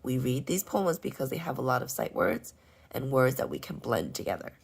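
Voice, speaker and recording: A woman teaching first graders, going over their homework and spelling out sight words slowly and clearly. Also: very deep voice, big pitch swings. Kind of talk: homework walkthrough lesson.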